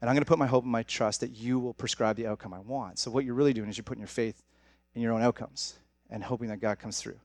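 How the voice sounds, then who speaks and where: Young pastor, male, chatty and direct with the congregation, talks fast, dry close mic. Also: medium pitch, fairly even intonation, no echo. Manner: conversational, direct, addresses audience as guys. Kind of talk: sermon.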